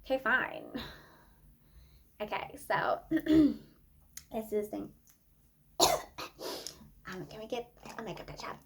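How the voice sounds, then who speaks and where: A vain, dramatic young influencer, as a woman improvises her, gushing about herself in a high, slow, drawn-out voice. She sounds self-absorbed and giggly, every sentence circling back to her own stardom. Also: expressive, gravelly, a little hiss or hum, full character voice. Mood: defensive. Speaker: improv comedian. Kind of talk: improvised comedy podcast.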